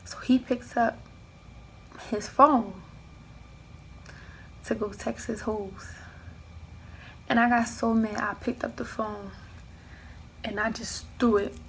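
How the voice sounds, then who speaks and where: A young woman vlogger telling a personal storytime, animated, acting out what people said and dropping into hushed asides. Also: a little high, takes it slowly, pauses often, slight background noise, rough recording. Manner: animated storyteller who acts out quoted dialogue, slips into hushed asides. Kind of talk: storytime chat.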